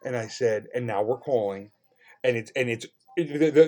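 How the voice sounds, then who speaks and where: A man recounting a maddening run-in with customer service in a loose, conversational rant. He drops to quiet muttering, then climbs into loud, exasperated bursts, cursing freely along the way. His voice sits at an ordinary middle pitch for a man. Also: moderate pace. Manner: animated, swings from low mutters to loud outbursts, swears freely. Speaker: vlogger telling a story. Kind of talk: casual storytelling rant.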